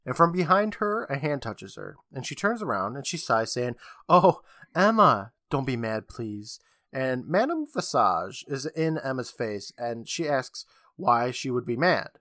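Bright-voiced man recapping a show. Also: mid-range voice, very animated, moderate pace, few pauses, dry recording, studio quality. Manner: chatty recapper, acts out quotes, laughs often. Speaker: podcast co-host recapping episodes. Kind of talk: casual podcast chat.

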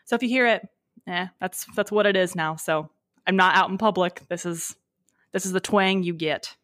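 A woman's voice: on the low side, moderate pace, fairly bright tone, dry recording, clean studio sound. A young woman co-hosting a podcast, chatting playfully with a slight rural twang. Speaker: podcast co-host. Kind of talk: casual chat.

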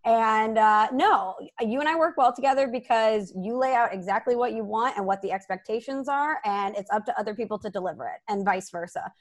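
A woman's voice: a little high, fairly quick, hardly any pauses. Frank, matter-of-fact woman producer. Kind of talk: casual chat.

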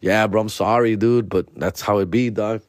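A man voicing a stern but sympathetic male jailer, blunt and matter-of-fact, a little lower than his own voice. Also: fairly even intonation, moderate pace, no echo, studio quality, close to an everyday voice.

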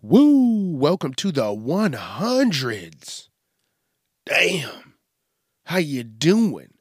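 A man hosting a casual comedy podcast, excitable and given to whooping. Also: a little high, drawn-out words, no room sound, clean studio sound. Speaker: podcast host. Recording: music playing behind.

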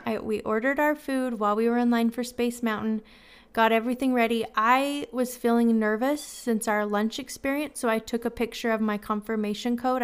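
A woman's voice: on the high side, clean tone. A woman hosting a podcast, telling a candid, self-deprecating story in a casual, chatty way and giving friendly advice. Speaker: podcast host.

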